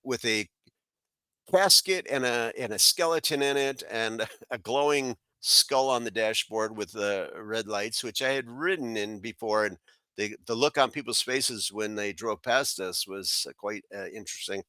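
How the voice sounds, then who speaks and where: A man's voice: fairly low pitch, measured pace, sharp tone, no room sound. A middle-aged man from South Florida, a guest telling a rambling personal story full of fillers and restarts. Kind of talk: casual storytelling.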